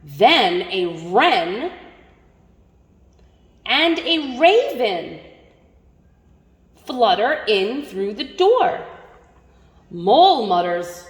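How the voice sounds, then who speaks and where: A woman teacher reading a picture book aloud, animated and full of wonder, gasping before each new page. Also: medium pitch. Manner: slow, animated, gasping with wonder between pages. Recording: echoey room with long reverb.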